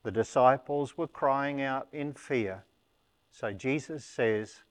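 Guy preaching a sermon, slow and careful, explains things step by step. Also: mid-range voice. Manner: measured, explanatory teaching delivery.

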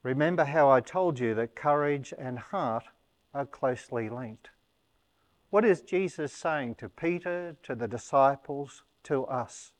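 Guy preaching a sermon, slow and careful, explains things step by step. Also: mid-range voice, lively intonation. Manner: measured, explanatory teaching delivery.

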